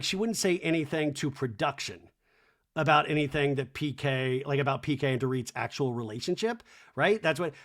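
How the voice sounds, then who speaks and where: A podcaster giving a sarcastic, animated comic recap of a show, with laughing asides. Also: medium pitch.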